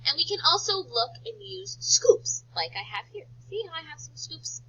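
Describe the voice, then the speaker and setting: A woman teacher giving a phonics lesson to young children, talking slowly in an exaggerated, sing-song way. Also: very high-pitched, lively intonation, pushed and bright. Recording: dull lo-fi recording.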